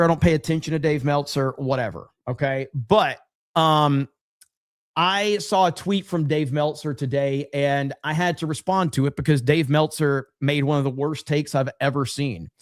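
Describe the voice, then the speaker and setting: A man's voice: fairly high pitch, moderate pace, no echo, clean studio sound. A man hosting a livestream, reading super chats and rambling sarcastically to his chat. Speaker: livestream host. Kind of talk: casual livestream commentary.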